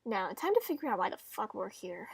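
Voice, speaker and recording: A woman voicing a snappy, foul-mouthed young woman in a visual novel who talks loudly and bluntly. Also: medium pitch, sing-song, fairly quick, gravelly, slightly rough, no echo, heavily acted. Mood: brash. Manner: loud and blunt, swears.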